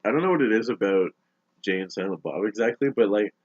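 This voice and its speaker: A young man hosts a casual podcast chat, his voice sitting a little low as he wanders through stories and breaks into frequent laughter. The recording is dull and lo-fi, with a dry, close sound and no room around it. It sounds like two friends talking into a basic home setup. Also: lively intonation, quick pace, no echo. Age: young adult. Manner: rambling anecdotes, laughs often. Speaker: podcast host.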